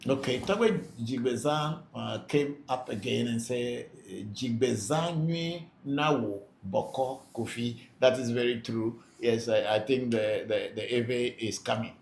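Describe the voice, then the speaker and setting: A man's voice: medium pitch, measured pace, creaky, few pauses, darkish tone. A man hosting a live question-and-answer session, reading out viewers' comments and explaining patiently with many hesitations. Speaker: spiritual teacher hosting a live Q&A. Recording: echoey room with faint background noise.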